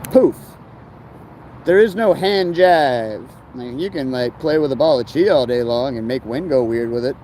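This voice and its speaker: A man's voice: mid-range voice, moderate pace, few pauses, darkish tone, slight background noise. A man talking in a rambling, casual monologue full of slang and fillers about life on the road. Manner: meandering, filler-heavy, laid-back slang.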